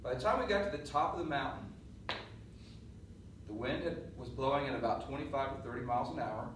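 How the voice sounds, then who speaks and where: A middle-aged man coaching on presentation skills, telling a lively story to a class and acting out the voices. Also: mid-range voice, brisk. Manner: animated storyteller, laughs and acts out voices. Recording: roomy echo, mic at a distance, faint noise.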